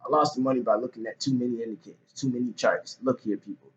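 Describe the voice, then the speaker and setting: A man's voice: medium pitch, quick pace, muffled recording, background noise. Candid man rambling into his camera. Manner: loose and candid, swings from quiet mumbling to loud animated outbursts. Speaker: vlogger recapping a trading day.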